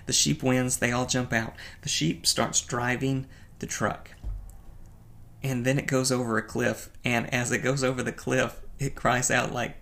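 Gravelly-voiced man reviewing a movie. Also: mid-range voice, flat delivery, a little slow, fairly bright tone. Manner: wry, playfully self-mocking, with chuckles and stumbles. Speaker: film reviewer. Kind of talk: casual movie review commentary.

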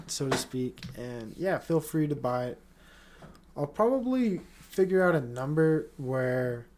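A man's voice: medium pitch, a little mellow. A man hosting his own podcast, rambling in a casual solo rant with lots of swearing, restarts and incredulous questions. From Utah. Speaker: podcast host.

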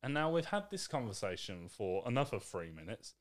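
A young man talks on a casual podcast with a lively, swooping pitch. He is blunt and animated, acting out bits of dialogue to make his point. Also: fairly quick. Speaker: podcast co-host. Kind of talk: casual chat.

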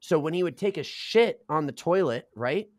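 A man's voice: fairly high pitch, animated, normal speed, a little mellow, no echo, clean studio sound. Profane young guy telling stories. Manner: profane, slangy, says dude and bro constantly. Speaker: podcast co-host. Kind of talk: casual storytelling.

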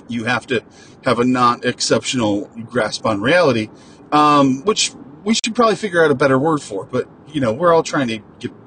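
A man's voice: medium pitch, fairly bright tone, slight background noise, rough recording. A man hosting a casual solo talk, rambling and digressive with many fillers, restarts and the odd swear word.

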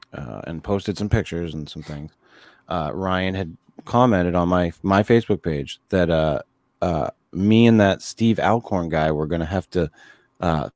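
Low-voiced joking man, dry sound. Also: a little slow, a little mellow, no room sound. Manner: joking, rambling with fillers. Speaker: podcast co-host. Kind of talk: casual chat.

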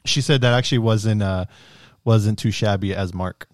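A man's voice: fairly low pitch, normal speed, no room sound, studio quality. A young man co-hosting a casual podcast, swearing a lot and laughing often. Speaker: podcast co-host. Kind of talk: casual chat.

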